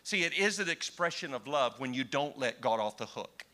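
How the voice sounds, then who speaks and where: A man delivers a sermon with a bright, forceful voice. He drops to slow, hushed phrases, then climbs into impassioned cries. He talks straight to his congregation. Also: medium pitch, animated. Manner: impassioned, swings from hushed to shouting. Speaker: preacher.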